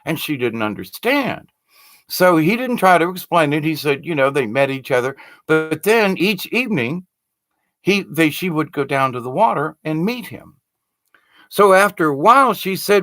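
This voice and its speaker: A man's voice: fairly high pitch, normal speed, dry recording. Male spiritual storyteller, conversational, dry close sound. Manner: animated, conversational storyteller with frequent restarts. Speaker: spiritual teacher. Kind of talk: spoken storytelling talk.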